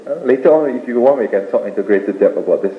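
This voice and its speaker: A man's voice: on the low side, animated, fast talker. Man giving a Dharma talk on old tape. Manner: rhetorical questions, repeats points with "eh?". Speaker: Buddhist speaker. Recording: tinny roomy old tape with faint hiss.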